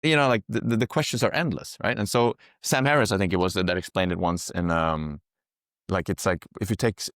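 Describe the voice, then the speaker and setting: A man talks at a quick clip with a somewhat low voice, recorded close and dry. He rambles through one metaphor after another in easygoing podcast chat and swears without a second thought. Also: no echo. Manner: swears freely. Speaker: psychedelic guide. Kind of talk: casual podcast conversation.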